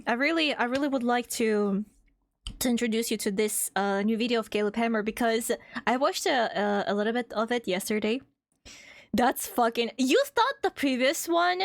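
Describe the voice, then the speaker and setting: High-voiced Russian-accented young woman. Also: dry recording. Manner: chatty, laughs often, reads chat aloud. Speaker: VTuber streamer. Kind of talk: casual livestream chat.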